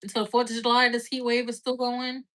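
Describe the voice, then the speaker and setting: Chatty higher-voiced woman reading tarot. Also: completely flat delivery, fast talker, a bit bright. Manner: chatty and loose, many "like" and "right?" fillers, swears casually. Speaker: tarot reader. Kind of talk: casual live-stream tarot reading.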